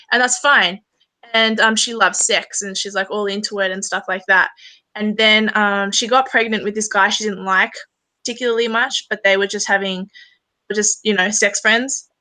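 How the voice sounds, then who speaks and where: A woman's voice: mid-range voice, bright, forceful tone, low-quality recording. A young woman interviewing a guest in a chatty, rambling way, full of fillers. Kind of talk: casual conversational interview.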